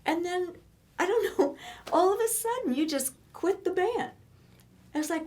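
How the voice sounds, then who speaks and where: A woman in her seventies reminiscing in casual chat, telling lively stories and laughing often. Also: very high-pitched, normal speed, long pauses. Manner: animated storytelling, laughs often. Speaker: co-host.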